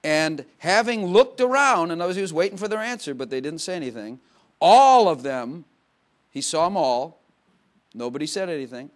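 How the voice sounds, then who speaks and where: A man preaching a sermon in a conversational way, dropping to quiet asides and rising to loud emphatic bursts, with frequent laughs. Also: fairly high pitch, animated, brisk. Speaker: pastor.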